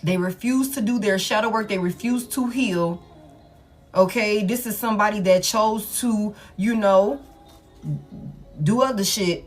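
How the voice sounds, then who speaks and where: A woman tarot reader gives a casual reading in a medium-pitched, unhurried voice, with faint music behind her. She's blunt and animated, swears a lot, and laughs often.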